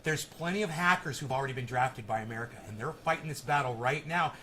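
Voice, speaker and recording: A man live streaming from his phone, ranting with heavy profanity and yelling at commenters in his chat. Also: medium pitch, fast, slight background noise, poor audio.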